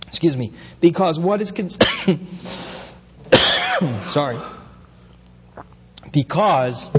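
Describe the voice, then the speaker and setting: A man's voice: fairly high pitch, huge pitch swings, drawn-out words, pauses often, a bit bright, big-room sound, dull audio, a little hiss or hum. A pastor preaching an earnest sermon, his voice rising as he asks questions.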